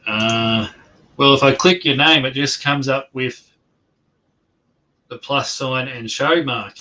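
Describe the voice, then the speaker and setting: An Australian man hosting a casual livestream, chatting in a slow and rambling way with many fillers and restarts. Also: medium pitch, steady tone, sharp tone, low-quality recording. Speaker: livestream host. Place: home during lockdown.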